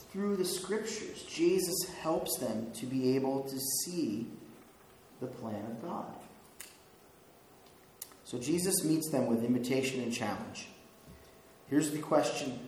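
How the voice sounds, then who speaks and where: A man preaching a sermon as pastor, talking conversationally, chuckling now and then and asking the listeners questions. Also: mid-range voice. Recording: very echoey hall with faint hiss.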